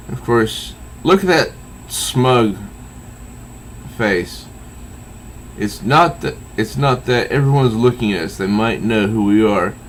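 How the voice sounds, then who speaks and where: Slow, low-voiced man recapping a comic. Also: expressive, slight background noise, rough recording. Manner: measured, slow recap with asides. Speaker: comic book reviewer. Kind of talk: summarizing and reading a comic.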